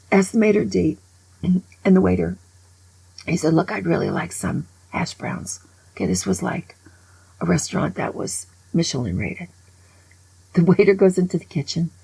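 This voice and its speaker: An older woman past sixty-five with a very husky, breathy voice and a gravelly fry on her words. She talks straight to camera in a grumbling, opinionated way. She tells stories with lots of life and keeps slipping into half-whispered asides. The sound is close and dry. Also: fairly low pitch, no echo, low-quality recording. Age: over 65. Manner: grumbling, animated storyteller who often drops to a whisper. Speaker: vlogger. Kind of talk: casual opinionated monologue.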